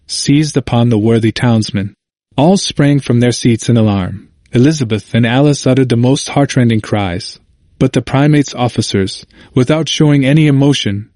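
A man reading a history book aloud in a steady, measured narration. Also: mid-range voice, dry recording. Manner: steady, measured reading, quotes read with only slight lift.

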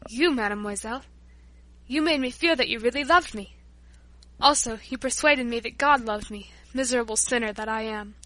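A woman reading aloud gives voice to a humble, repentant workman and former drunkard, earnest and pleading. The voice sits fairly high and bright with a keen edge, recorded close and dry with no room sound. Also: moderate pace, dry recording. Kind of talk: audiobook narration.

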